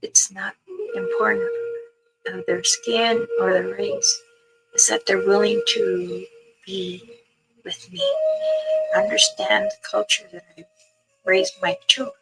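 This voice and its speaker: An older woman talking casually with viewers on a live stream, in a gentle, wandering way, with soft words that trail off. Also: mid-range voice, wildly swooping pitch, slow, vocal fry, long pauses, low-quality recording. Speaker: livestream host answering viewers. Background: music playing in the background.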